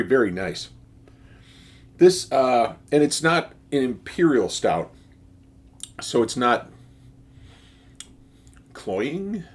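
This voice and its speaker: A man giving a casual, enthusiastic beer tasting review, speaking with frequent fillers and restarts. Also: medium pitch.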